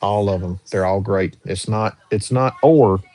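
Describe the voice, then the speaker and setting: A man's voice: on the low side, measured pace, a little mellow. A young man hosting a casual livestream, reading viewer questions aloud and answering them in an easygoing, drawling way. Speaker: livestream host answering chat.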